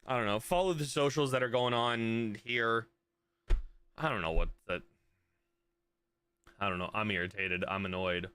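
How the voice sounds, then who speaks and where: A man's voice: on the low side, normal speed, pauses often, pushed and bright, clear, resonant tone. A man streaming live, ranting at his viewers after a soccer match in an exasperated, profane way, and trailing off in mutters between points. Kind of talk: live stream reaction rant.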